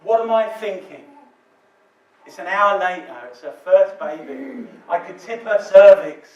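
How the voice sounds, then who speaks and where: A man's voice: sits high, expressive, a little slow, lo-fi sound. A male midwife telling a candid, joking story to a live audience. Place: hall with audience. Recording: echoey hall, distant mic, audience. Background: audience laughter.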